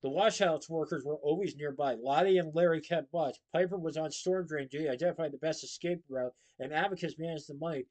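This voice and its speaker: A man reading a children's novel aloud, in steady, lively storytelling. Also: a little high, fairly quick, few pauses, poor audio.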